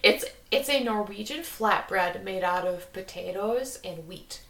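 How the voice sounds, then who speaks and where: A woman with an Upper Midwest American accent hosts a podcast, chatting in a giggly, rambling way packed with "like." Her voice is medium-pitched, a little slow, creaky, and slightly bright. The recording is roomy and a little off-mic, as if captured from a distance.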